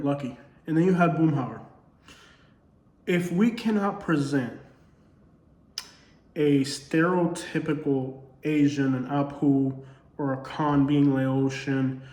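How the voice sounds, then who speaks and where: A man's voice: on the high side, a little mellow, echoey room. A man with a Southern accent, a comedy creator speaking in a casual commentary monologue, earnest and full of rhetorical questions. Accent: Southern US, Alabama-tinged.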